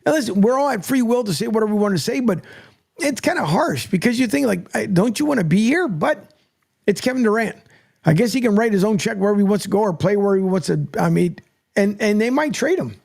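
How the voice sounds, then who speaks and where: A man's voice: high-pitched, lively intonation, fast talker, creaky, a little mellow. A man hosting sports radio in a casual, rambling monologue from a studio mic, stumbling and restarting often. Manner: rambling, stammers and restarts, chatty.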